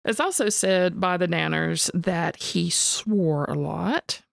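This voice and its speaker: A woman co-hosting a podcast, telling a story in an animated, casual way and swearing freely. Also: fairly low pitch, takes it slowly, vocal fry, no echo, clean studio sound. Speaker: podcast co-host.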